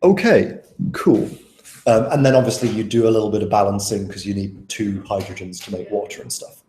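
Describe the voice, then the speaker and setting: Talking a little fast in a lowish, darkish voice, a young man leads students through an exam paper during a live online session. He keeps it casual and chatty, asking them questions, and the room is echoey.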